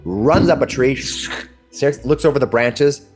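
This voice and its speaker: A man's voice: mid-range voice, expressive, a little slow, darkish tone, soft background music. A man narrating as game master, describing scenes in a meandering, searching way. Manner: descriptive and meandering, with frequent restarts.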